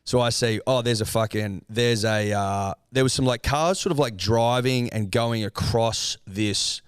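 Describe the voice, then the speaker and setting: A young Australian man co-hosting a podcast, spinning a long sweary story with plenty of quoted voices. His pitch sits in the middle and the sound is dry and close. He talks casually and lets the story tumble out. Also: unhurried, clean tone, dry recording. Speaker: podcast co-host.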